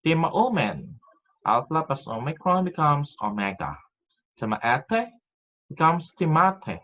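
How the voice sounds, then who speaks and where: A man's voice: a little high, sing-song, takes it slowly, fairly bright tone. A man teaching a recorded online class, reciting grammar rules step by step in a methodical way. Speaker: Greek teacher. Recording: dull lo-fi audio.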